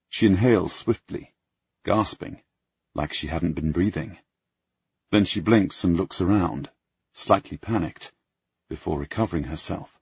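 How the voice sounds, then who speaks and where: Brief: low, raspy male narrator, first-person audiobook, dry muffled sound. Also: a little slow, a little mellow. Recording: dull lo-fi dry recording.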